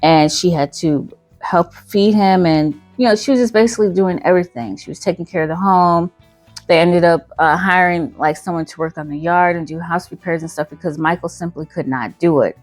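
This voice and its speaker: Brief: chatty woman storyteller, lowish voice, very dry close sound, faint music under, rambling with fillers. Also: fairly quick, no room sound. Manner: rambling, filler-heavy, self-correcting. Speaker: channel host, storyteller. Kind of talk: casual storytime narration.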